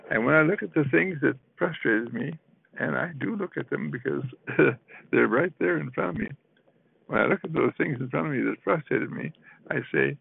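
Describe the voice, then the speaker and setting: A man giving a slow, soothing inspirational talk, repeating calm affirmations and chuckling often. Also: medium pitch, gravelly, slight background noise. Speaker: spiritual counselor. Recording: tinny phone-like recording.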